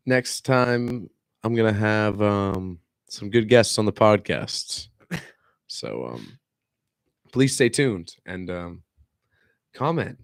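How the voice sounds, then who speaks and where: A man's voice: lowish voice, animated, slow pace, gravelly, pauses often, no room sound. A young man hosting a podcast, chatting loosely and jokingly in slang. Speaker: podcast host. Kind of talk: casual chat.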